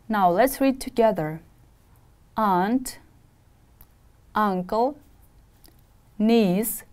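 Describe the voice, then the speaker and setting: A woman teaching an English vocabulary lesson to schoolchildren, from Kyrgyzstan, speaking slowly and clearly and having pupils repeat words after her. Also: medium pitch, mellow.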